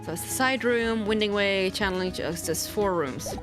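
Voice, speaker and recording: A woman's voice: medium pitch, moderate pace. A woman giving casual, giggly commentary while reading a game aloud, over game music. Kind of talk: casual let's-play commentary.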